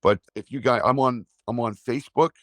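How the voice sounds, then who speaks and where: A man, an energy healer, calmly guiding a breathing exercise and explaining it in a slow, steady way. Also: medium pitch, no echo, studio quality. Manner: slow, calm guiding with drawn-out pauses. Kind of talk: guided breathing instruction and talk.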